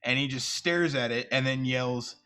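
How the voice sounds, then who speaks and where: A man's voice: medium pitch, moderate pace, sharp tone, clear, resonant tone. A man playing a tabletop game, telling what his character does with amusement. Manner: amused storytelling. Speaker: player.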